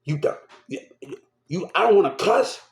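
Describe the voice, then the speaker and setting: Agitated man ranting, gravelly voice. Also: sits high, animated, moderate pace, roomy sound. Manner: agitated, repeats phrases, swears. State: upset, shaken. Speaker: vlogger. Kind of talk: angry rant to camera.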